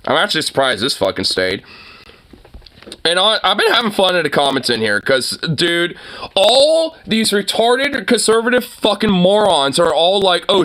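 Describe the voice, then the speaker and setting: A man's voice: a little high, bright, forceful tone. A man delivering a profane political rant, rambling through many filler words and breaking into mocking laughter. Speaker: online commentator.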